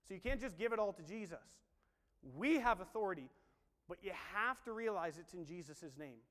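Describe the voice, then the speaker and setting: Male preacher, high animated voice that acts out dialogue, long hall reverb. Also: normal speed. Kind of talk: sermon.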